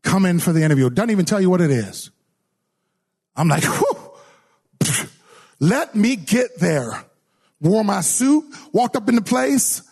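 Animated high-voiced preacher man. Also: creaky, breathy edge. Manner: animated, acts out voices in his story; repeats words and restarts often. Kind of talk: sermon with personal story.

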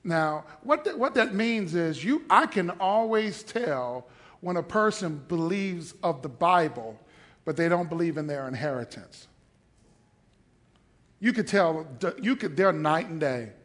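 A male pastor with a notably high voice preaches a sermon to his church. He drops into quiet, chatty asides, then climbs to forceful shouted declarations. He keeps pressing the congregation to call out their answers. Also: animated, a little slow.

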